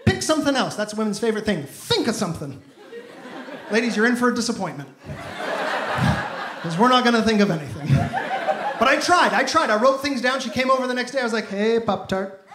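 A young comedian, high-voiced and fast but prone to long pauses, delivers a stand-up set full of lively stories and acted-out dialogue. Crowd noise fills the echoey comedy club where he performs to a live audience.

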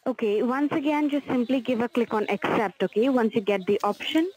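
A woman's voice: on the high side, fairly quick, darkish tone, husky. A woman making a scam phone call, speaking patiently and in scripted phrases. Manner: patient, scripted, repeats "sir". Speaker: scam caller.

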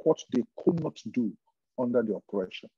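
A man preaching a sermon as pastor, fervent, with repeated phrases and emphatic pauses. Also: medium pitch, animated, dark tone, husky, no room sound, muffled recording.

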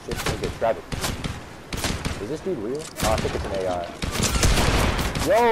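A young man giving slangy, excitable gameplay commentary, trash-talking opponents as he plays. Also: fairly low pitch, a little slow, pauses often. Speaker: gaming YouTuber. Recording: noisy game audio behind. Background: game sounds.

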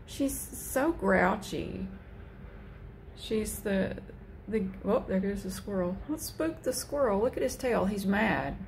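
A woman vlogger chatting casually while filming a cat outside, with a drawn-out, easygoing manner. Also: darkish tone, slight background noise. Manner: chatty, slow and drawn out, slips into high baby talk for the cat.

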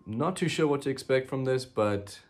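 A man's voice: medium pitch, expressive, moderate pace, background noise. A young man hosting a gaming channel, chatting casually through his gameplay with lots of ums and frequent swearing.

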